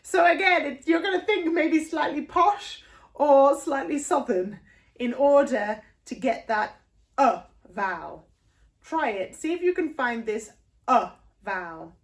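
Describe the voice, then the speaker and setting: A woman's voice: high voice, expressive, a little slow. A woman with a northern English accent, teaching singing in a video lesson and patiently explaining vowel shapes with short demonstrations. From northern England. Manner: patient, explanatory, breaks into sung vowel demos.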